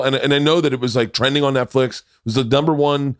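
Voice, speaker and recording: A middle-aged man hosting a podcast, telling stories in a quick, animated way and laughing as he goes. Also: fairly high pitch, dry recording, clean studio sound. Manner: animated storyteller, fast and laughing. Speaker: podcast host. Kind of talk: casual storytelling chat.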